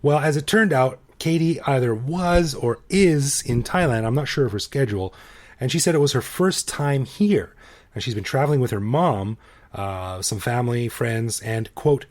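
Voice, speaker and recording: A podcast host with a mid-range voice and lively intonation speaks at a moderate pace. His casual, conversational chat is easygoing and playful, and he laughs often.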